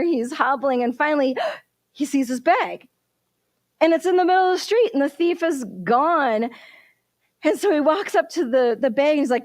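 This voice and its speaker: High-voiced woman minister giving a lively sermon. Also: dry recording, clean studio sound. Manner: animated, warm storytelling with questions to the congregation.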